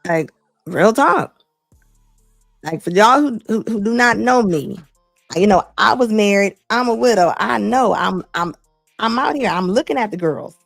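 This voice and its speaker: A middle-aged woman hosting a talk show, giving blunt, animated opinion commentary and laughing often. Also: medium pitch, unhurried, vocal fry, dry recording, clean studio sound, soft background music. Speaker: host.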